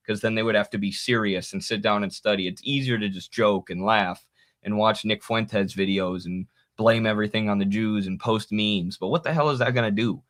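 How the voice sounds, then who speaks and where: A man co-hosting a political podcast, talking casually and telling animated stories with laughs. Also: on the low side. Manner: animated storytelling, mimics others with laughs. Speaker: podcast co-host.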